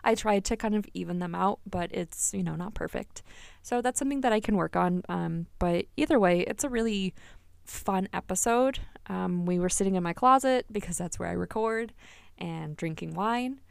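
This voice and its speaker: Podcast host, woman, candid and animated, curses casually, a little vocal fry, dead-dry closet sound. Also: medium pitch, moderate pace, dry recording. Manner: candid, animated, swears freely, laughs often. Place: small closet. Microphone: single podcast microphone.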